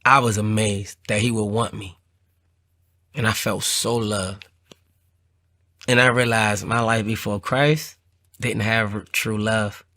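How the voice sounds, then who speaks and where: A man's voice: fairly even intonation, takes it slowly, long pauses, sharp tone. A man telling his own conversion story in an earnest, heartfelt way, often repeating phrases and lifting his voice as he recalls the moment. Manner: earnest, repeats phrases, rises in pitch when moved. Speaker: testimony speaker. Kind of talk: personal testimony.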